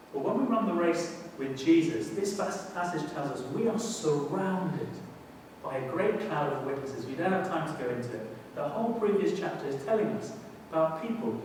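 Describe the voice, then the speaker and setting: A man preaching a sermon in a church hall, speaking conversationally and then bursting into loud emphasis. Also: fairly high pitch, a little hiss or hum. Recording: echoey hall, mic at a distance.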